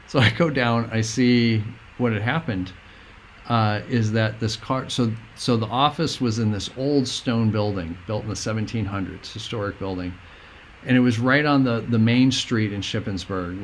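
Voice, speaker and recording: A middle-aged man, a guest, telling a personal story in an earnest, meandering, halting way. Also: on the low side, a little hiss or hum.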